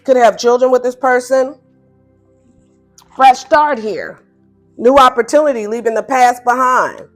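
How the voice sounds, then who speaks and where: A woman giving a casual tarot reading, animated and blunt, who laughs often and acts out the listener's replies in playful higher tones. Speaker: tarot reader. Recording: faint music behind.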